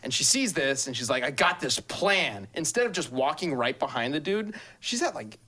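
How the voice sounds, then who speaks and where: Animated young man retelling a film. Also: fairly high pitch, a little fast. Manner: animated storytelling, laughs often. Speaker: podcast co-host. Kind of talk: casual chat.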